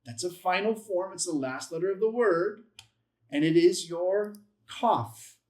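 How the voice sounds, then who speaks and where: A man's voice: high-pitched, animated, unhurried, darkish tone. A man teaching a language lesson, patiently sounding out letters and syllables one at a time, repeating them and correcting himself with light humor. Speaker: Bible Hebrew teacher. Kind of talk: classroom-style language lesson.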